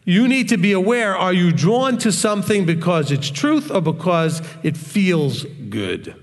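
Man, blunt live-stream preacher, gravelly voice, slightly high, long reverb. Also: very animated, a little slow. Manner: blunt, straightforward, mocking impressions. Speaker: religious teacher.

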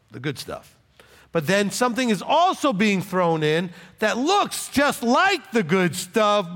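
A man's voice: high-pitched, a bit bright. A man preaching an informal Bible lesson in a blunt, combative, conversational way. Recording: long reverb.

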